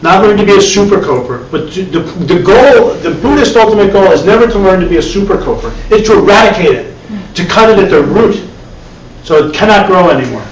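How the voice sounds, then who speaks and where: Teaching a live spiritual class, this meditation teacher speaks in a conversational dharma talk full of repeated words and wry remarks. His voice sits high, expressive and fairly quick. There's faint hiss, an echoey room, and a distant mic.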